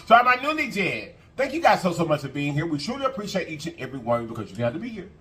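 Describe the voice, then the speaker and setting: A man hosting an eating show, speaking to his viewers in a bright, fairly high voice that swings up and down as he talks. He comes across earnest and a little preachy, repeats his phrases for emphasis, and keeps calling his audience y'all. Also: sing-song, very fast, a little hiss or hum. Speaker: mukbang eating-show host. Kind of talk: casual heartfelt talk to camera.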